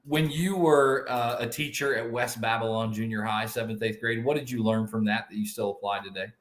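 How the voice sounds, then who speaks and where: A man hosts a casual podcast, asking stumbling questions and cracking jokes at his guest. His voice sits at a middle pitch, and the room gives it a noticeable echo. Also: steady tone. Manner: joking, halting questions. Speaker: podcast host. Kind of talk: casual interview chat.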